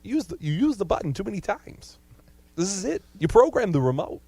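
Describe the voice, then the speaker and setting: Man, sports radio host, upbeat, emotional, higher voice, dry studio sound. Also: sing-song, brisk, mellow, husky, dry recording. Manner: upbeat, laughs easily, emotional. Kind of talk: casual radio chat.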